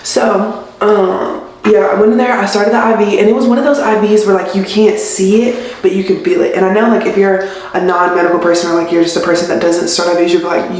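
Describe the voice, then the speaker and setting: A woman's voice: medium pitch, darkish tone. A young adult woman talking through her week as a nurse vlogger in a chatty, casual way, filling her talk with "like" and laughing often. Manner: chatty, with many "like" fillers and frequent laughs. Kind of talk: casual vlog chat. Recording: echoey room with faint noise.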